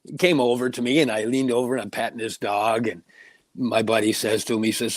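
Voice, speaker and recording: A man's voice: medium pitch, fairly even intonation, a little fast, no echo. A man chatting on a talk show as a guest who makes remedies, telling long stories with plenty of "uh" and "um". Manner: rambling storyteller with many fillers. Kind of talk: casual talk-show chat.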